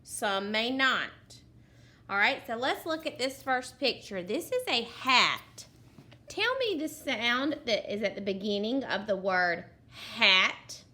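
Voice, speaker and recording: A woman's fairly high, expressive voice has a sharp tone as she leads young children through phonics. She slowly and deliberately sounds out letters, praising the kids often.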